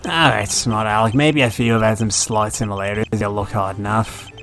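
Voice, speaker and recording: A man's voice: on the low side, fairly even intonation, fairly quick, fairly bright tone, faint music behind. A man voicing a flustered middle-aged male witness in a courtroom game, with a put-on accent and a stammering, defensive manner.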